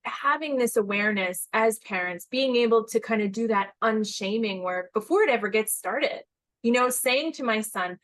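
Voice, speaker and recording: A woman in her forties hosting a podcast, talking in a rambling, animated way with quick asides. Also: fairly high pitch, no echo. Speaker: podcast host. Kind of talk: casual conversational podcast chat.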